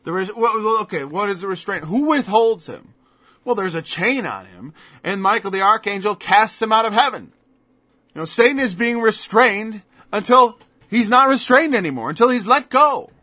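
A man's voice: high-pitched, expressive, normal speed, pushed and bright, dry recording. A man preaching a sermon, emphatic and scornful, firing off rhetorical questions on a dull lo-fi recording.

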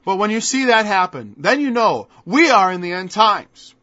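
A man's voice: high voice, sing-song, moderate pace, sharp tone, dry recording. A man preaching a sermon, emphatic and scornful, firing off rhetorical questions on a dull lo-fi recording.

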